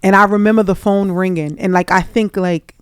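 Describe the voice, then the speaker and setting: A woman hosting an interview, quietly recalling a painful memory. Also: medium pitch, fairly even intonation, fairly quick, clear, resonant tone, dry recording, clean studio sound. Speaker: host.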